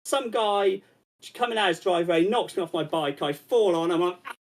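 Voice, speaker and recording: Male comic, slightly higher voice, rambling chat on a panel. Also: moderate pace. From Britain. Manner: rambling storyteller, restarts often. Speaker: stand-up comedian, panelist.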